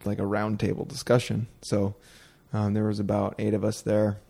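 A man's voice: lowish voice, monotone, moderate pace, gravelly, mellow, breathy edge. A man hosting a podcast, talking casually and rambling, with lots of fillers and quoted asides. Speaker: podcast host. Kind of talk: casual conversation.

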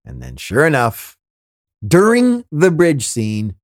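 Brief: lively, exasperated male host storyteller, dry close-mic sound. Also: on the high side, slow pace, no echo. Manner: animated, exasperated, laughing asides. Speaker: podcast host. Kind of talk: comedic storytelling monologue.

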